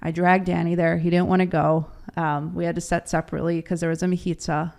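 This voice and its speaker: A woman with a lowish voice and a lot of gravelly fry tells her story as an interview guest. She talks casually, laughs often and acts out what others said. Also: flat delivery, fast talker, a little mellow. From Baltimore, USA.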